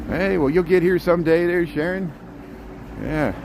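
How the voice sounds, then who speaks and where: A man's voice: fairly high pitch, moderate pace, a little mellow, poor audio. A man in his forties from Indiana with a Midwestern accent hosts a walking livestream on a city street. He talks in a folksy, rambling way, filling his sentences with "here" and "there.". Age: 40s. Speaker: livestream host. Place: outdoors on a city street in light rain. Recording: street noise behind.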